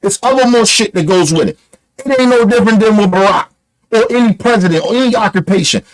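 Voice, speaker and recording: High-voiced man ranting bluntly. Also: fast talker, poor audio. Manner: blunt, profane and emphatic, with repeated rhetorical questions. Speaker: online commentator. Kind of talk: heated political rant.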